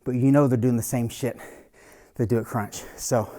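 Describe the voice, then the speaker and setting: Male personal trainer, casual and blunt, mid-pitched voice, talks through his sets with a salty edge. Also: fairly even intonation, moderate pace, dark tone. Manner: blunt, casual, swears freely. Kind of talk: casual workout coaching talk.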